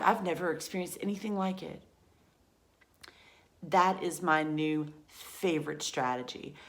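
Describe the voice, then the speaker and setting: A woman hosting a mindfulness talk, speaking slowly and softly with a reflective manner and frequent pauses. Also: deep voice. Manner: slow, soft and reflective, with pauses and restarts. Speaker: mental health channel host. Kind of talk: calm personal talk on mindfulness.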